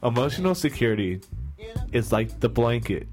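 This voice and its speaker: A man chats loosely and playfully, often drifting into mock-serious rambles. His pitch swings widely as he talks. A slow jam plays clearly behind him. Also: very animated. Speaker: podcast co-host. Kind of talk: casual chat. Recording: music playing behind.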